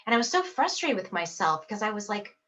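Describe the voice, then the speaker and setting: A woman's voice: mid-range voice, very animated, a little fast, fairly bright tone. A woman in her thirties, an herbalist, talking casually to camera from her home office, chatty and reflective with fillers and small laughs. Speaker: herbalist and herb school teacher. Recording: slightly dull lo-fi audio, not her usual mic.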